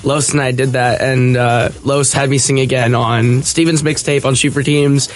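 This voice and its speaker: A man's voice: mid-range voice, steady tone, moderate pace, soft background music. A teenage male rapper and singer, chatting in a friendly way as a radio guest, with hesitant fillers. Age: teens. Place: radio studio.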